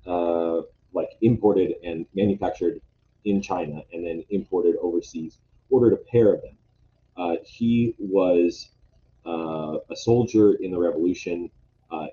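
A man with a low, warm voice gives a casual talk on lodge history, hesitating often and filling it with fillers and restarts. The recording sounds dull and lo-fi, with faint noise.

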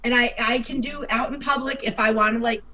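A woman's voice: a little high, fairly even intonation, a little fast, pushed and bright. A woman telling a funny story in casual chat, swearing and acting out her own inner voice. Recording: distant mic with faint background noise.

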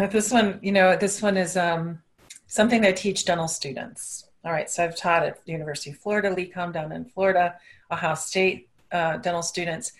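Earnest woman giving consulting advice. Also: on the low side. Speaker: dental practice consultant. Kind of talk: interview answers.

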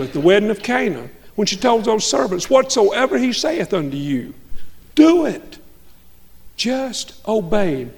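A man's voice: fairly high pitch, creaky, a little mellow. A man preaching a fervent sermon, then leading an altar prayer at a church service. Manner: fervent, rising emphatic preaching. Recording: reverberant hall.

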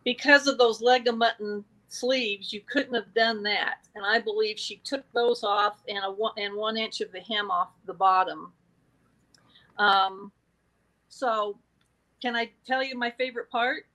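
Woman storyteller, animated, fairly high voice, acts out quotes, casual chat. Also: measured pace, poor audio. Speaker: guest storyteller on a true-crime chat.

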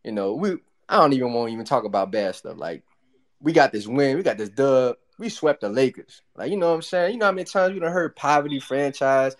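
A man's voice: mid-range voice, animated, fairly quick. A man calling in to a fan audio room, rambling and repeating himself. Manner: rambling, repeats "you know what I'm saying". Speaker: caller. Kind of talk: casual fan talk.

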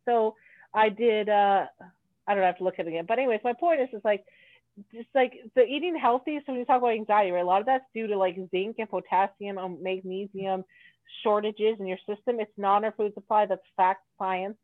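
A woman's voice: medium pitch, fairly quick, no echo. A woman in casual chat, blunt and rambling, swearing freely as she talks. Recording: tinny phone-like sound.

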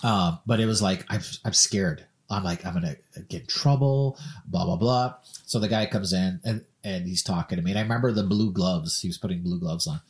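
A man from Minnesota co-hosting a podcast, telling a story in a casual, animated way and acting out the quoted voices. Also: sits low, fairly quick, few pauses. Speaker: podcast co-host.

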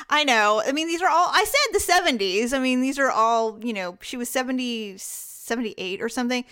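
A woman's voice: high-pitched, animated, moderate pace, fairly bright tone, clear, resonant tone. A woman chatting casually with her sister, laughing often and mimicking voices as she tells stories. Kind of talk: casual chat between sisters.

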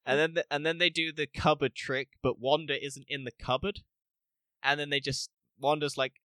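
Dude on a podcast recapping a show, bright crisp voice, dry close mic, acts out the scenes. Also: male voice, on the high side, moderate pace, dry recording. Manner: animated, acts out scenes, laughs often, swears. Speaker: podcast co-host. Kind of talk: casual spoiler review chat.

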